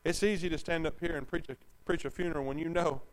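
A man preaching a sermon as pastor, calling out to the congregation for answers and swinging from quiet, conversational talk to loud, shouted passages. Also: on the high side, steady tone, quick pace.

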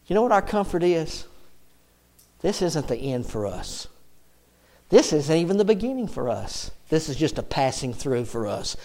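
A man preaching a sermon, emotional, swinging from loud calls to the congregation to hushed storytelling. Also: a little high, big pitch swings, moderate pace. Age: 60s.

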